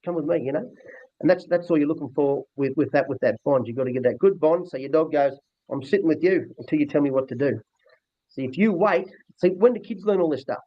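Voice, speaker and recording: Fast-talking blunt older Australian man. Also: fairly high pitch, dry recording. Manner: blunt, rambling, earthy with frequent restarts. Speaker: dog trainer. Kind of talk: casual interview talk. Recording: dull lo-fi dry recording.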